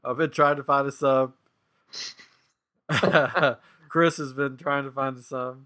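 A man's voice: mid-range voice, fairly even intonation, takes it slowly, sharp tone. Jokey male podcast host. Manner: jokey, laughs often. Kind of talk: casual chat.

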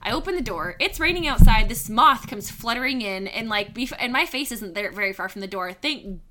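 A woman co-hosting a casual podcast, spinning an animated story full of laughs and playful shrieks. Her voice is bright and pitched a little high, and it leaps around constantly. A faint hiss sits under the recording. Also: fairly quick. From Pacific Northwest. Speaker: podcast co-host.

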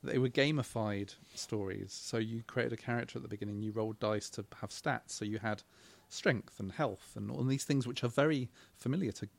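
A man from England, a game company's creative director, explaining things in a relaxed way as a podcast guest. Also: mid-range voice, a little fast, vocal fry, hardly any pauses. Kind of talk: casual chat.

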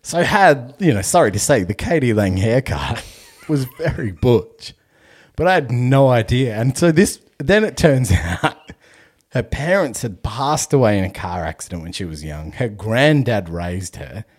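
A man's voice: mid-range voice, sing-song, measured pace, husky. A young Australian man hosting a podcast, telling a story in casual chat, swearing freely and laughing as he goes. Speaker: podcast host.

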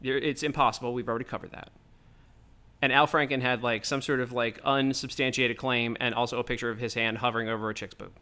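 A man's voice: mid-range voice, steady tone, fast talker, sharp tone. Fired-up man ranting solo. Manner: heated, profane, rambling rant. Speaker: podcast host. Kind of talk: solo political rant.

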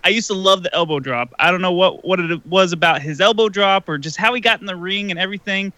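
A man's voice: sits high, quick pace, pushed and bright, no echo. A man in a casual podcast chat, upbeat and laughing often.

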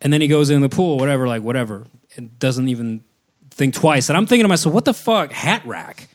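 A man's voice: medium pitch, animated, fast talker, a little mellow. A man co-hosting a casual comedy podcast, telling crude stories and laughing as he goes. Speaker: podcast co-host.

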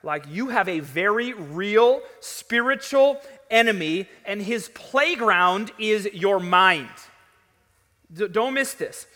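A man's voice: high voice, lively intonation, takes it slowly, sharp tone. A man preaching a sermon to his congregation in a conversational, storytelling way, in a large church sanctuary. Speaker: pastor. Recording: long reverb of a large hall.

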